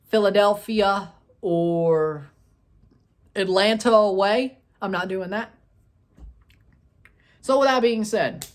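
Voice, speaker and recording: A man hosting a soccer review video, ranting and scolding in repeated short bursts, with loud outbursts and low grumbling. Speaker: soccer fan video host. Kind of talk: post-match review rant.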